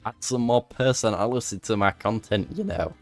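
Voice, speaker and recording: A man's voice: on the low side, moderate pace, faint music behind. A young man rambling casually to chat while streaming a game, self-mocking and prone to voice cracks. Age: young adult.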